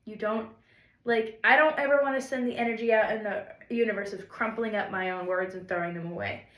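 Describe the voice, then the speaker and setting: A woman songwriter vlogger talks to camera in a casual, rambling, encouraging way, adding self-deprecating asides. Her medium-pitched voice is brisk, a bit bright, and fairly even in intonation, with reverb.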